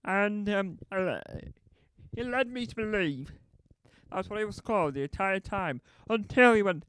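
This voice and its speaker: A man's voice: high-pitched, lively intonation, unhurried, fairly bright tone, clean tone. A man doing stand-up comedy, telling a meandering anecdote that keeps correcting itself and acting out both sides of conversations.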